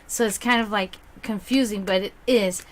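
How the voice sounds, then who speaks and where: A woman with a German accent carrying a slight Slavic touch, a native German speaker, chatting bubbly and casually as a psychic reader hosting a livestream. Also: fairly even intonation. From half German, half Serbian. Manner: chatty, bubbly, quick swings in pitch and loudness.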